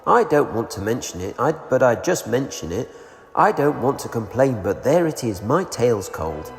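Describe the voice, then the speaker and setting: A man voicing a gloomy, grumbling old male donkey with a slow, mournful drawl, reading a storybook aloud. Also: mid-range voice, sing-song, gravelly, soft background music. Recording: echoey room with reverb.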